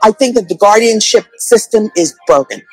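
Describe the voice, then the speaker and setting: A woman's voice: medium pitch, expressive, normal speed, a little mellow, breathy edge, no room sound, low-quality recording. A woman in a documentary interview clip, speaking earnestly and pleadingly about family. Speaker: family member in a documentary trailer. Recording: dry trailer clip over music.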